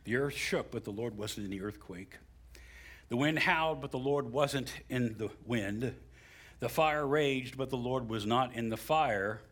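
A pastor preaching a sermon and leading a prayer to his congregation, swinging from loud, high-pitched preaching to hushed whispers. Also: unhurried.

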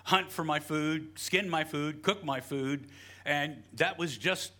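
A middle-aged pastor from West Virginia, preaching a sermon in a folksy, joking storytelling way with frequent "you know". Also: male voice, a little high, slow, bright, forceful tone.

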